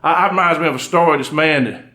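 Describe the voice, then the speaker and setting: A man's voice: a little high, fast talker, pushed and bright. A man with a Georgia accent telling comic stories on stage before a live audience, in a folksy drawl with asides to the crowd. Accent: Southern US, Georgia. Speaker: undertaker and storyteller.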